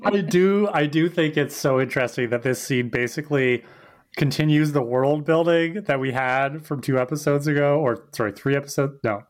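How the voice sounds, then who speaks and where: Co-host tossing in jokes, casual chat, middle pitch. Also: normal speed. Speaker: podcast co-host.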